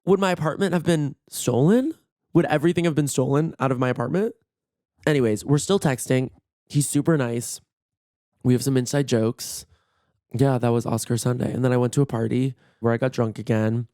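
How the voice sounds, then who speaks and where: Hoarse gossiping man, dry close sound. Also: medium pitch, fairly quick, no room sound. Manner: gossipy, animated, swears often, acts out quotes. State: voice worn out, hoarse. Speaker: podcast host. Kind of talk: casual solo storytelling. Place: in bed at home.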